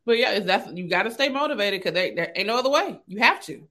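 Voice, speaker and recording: A woman hosting a casual talk show, playful and quick to laugh. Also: medium pitch, lively intonation, pushed and bright. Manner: playful, laughs often, sing-song plugs. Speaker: podcast host. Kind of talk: casual interview chat.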